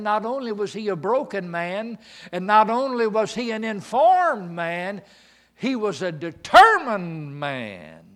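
Dramatic preacher man. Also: sits high. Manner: dramatic swings from hushed to shouting. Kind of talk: sermon.

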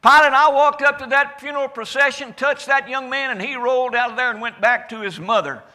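A man preaching in the first person as Jesus, a calm and certain adult man, with a declamatory delivery whose loudness rises and falls. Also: very high voice, fairly quick, exaggerated voice. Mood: solemn. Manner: declamatory, rising and falling loudness. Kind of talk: first-person sermon monologue.

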